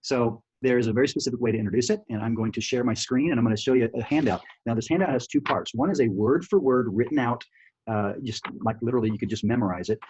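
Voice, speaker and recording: A man giving a screen-share sales training, talking quickly and casually, with many restarts and "right?" checks, recorded over a computer mic on a video call. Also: medium pitch, a little mellow, slightly rough. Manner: fast, chatty, full of restarts and "right?" checks. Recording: dull lo-fi audio.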